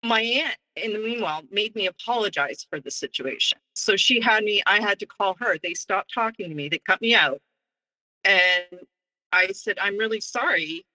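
A woman guest in an interview, telling a personal story in a lively way and acting out what others said. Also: medium pitch, moderate pace, rough recording. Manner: animated, acts out quoted dialogue.

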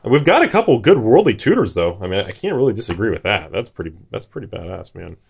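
A man hosting a card-opening video, talking in a hyped, jittery way and shouting at big pulls. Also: on the low side, big pitch swings, fast talker, gravelly, slight background noise. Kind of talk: excited casual commentary.

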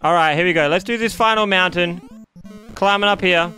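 A man narrates his own video game play in a fast, excitable, jokey stream, often exclaiming to himself. His voice sits a little high and sounds bright and forceful on a close mic. Faint game music plays behind him. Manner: excitable, jokey, talking to himself while playing. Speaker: gaming YouTuber. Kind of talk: let's-play commentary.

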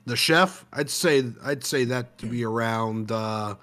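A man's voice: medium pitch, a little slow, sharp tone, faint music behind. A young man narrating as game master of a tabletop game, often laughing as he goes.

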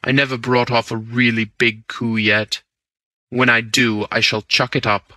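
A man voicing a charming, self-assured gentleman thief in an audiobook, with an easy, amused and persuasive way of talking. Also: medium pitch, little pitch movement, a little slow, no room sound.

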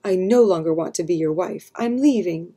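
Lady doing an earnest maid, kinda higher, soft breathy storybook voice. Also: moderate pace, lightly acted. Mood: upset. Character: loyal young adult maid and wife, outspoken.

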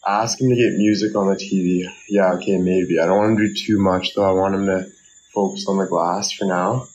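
A man chatting on a live stream, joking around loudly and bantering with his viewers. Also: deep voice, steady tone, fairly quick, dull audio, slight background noise. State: out of breath. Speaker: livestreamer. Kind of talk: casual live-stream chat.

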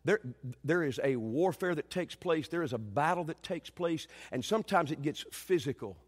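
A male pastor preaching a sermon, telling stories with shouted quotes and then dropping to quiet, earnest delivery. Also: on the high side, expressive, moderate pace, slightly rough. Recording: long reverb of a church hall.

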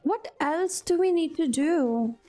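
Woman gamer, casual playthrough commentary, high voice, exasperated and self-mocking. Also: lively intonation, takes it slowly, warm tone, soft background music. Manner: exasperated and dramatic, laughing at her own struggles. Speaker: gamer playing through a cooking game.

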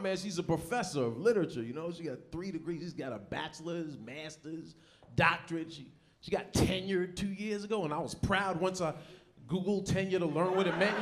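A man in his forties from the United States doing an animated stand-up set on a comedy club stage. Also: high-pitched, brisk, background noise. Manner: animated storytelling, slips into voices. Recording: live club with audience laughter.

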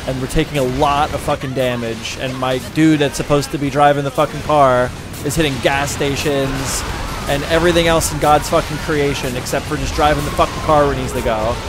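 Exasperated man yelling at a game. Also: a little high, steady tone, brisk, over music. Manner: frustrated, swearing, yelling at the game. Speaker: streamer. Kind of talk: live gaming stream commentary.

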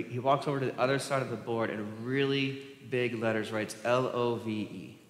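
A man's voice: mid-range voice, a bit bright. A male pastor delivers a sermon in a loose, conversational way, slipping into voices for the people he quotes. His voice sits in the middle range. The recording carries the roomy echo and long reverb of a large church hall. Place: church sanctuary.

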